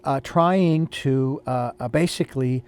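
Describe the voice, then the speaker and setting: An older man hosting a casual spiritual talk, pausing and restarting as he searches for the right words. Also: medium pitch, a little mellow, clear, resonant tone. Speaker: host.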